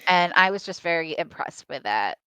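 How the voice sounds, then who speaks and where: A young woman co-hosting a podcast, talking in a measured, thoughtful way with some hesitant fillers. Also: fairly low pitch, expressive, pushed and bright, clean tone, no room sound, dull audio. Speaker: podcast co-host. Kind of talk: casual film discussion.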